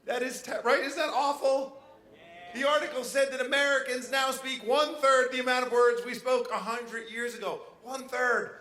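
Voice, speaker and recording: A brash male stand-up comic with a fairly high, bright, punchy voice, talking into a handheld mic. The sound is echoey, as from a big showroom, with a faint room ambience underneath. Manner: brash, animated, jumping into quick voices. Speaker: stand-up comedian. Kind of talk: stand-up comedy set. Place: casino showroom stage.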